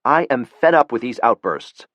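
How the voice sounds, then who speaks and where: A man's voice: mid-range voice, lively intonation, moderate pace, a bit bright, dry recording. A man doing a cutting female chief of staff. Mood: impatient. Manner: cutting, impatient. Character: sharp female White House chief of staff.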